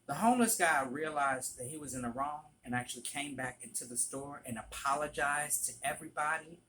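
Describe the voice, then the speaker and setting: A man's voice: a little high, brisk, pushed and bright, slight background noise, rough recording. A man in casual storytelling mode, candid and blunt, ranting with frequent restarts. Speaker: vlogger, former barista.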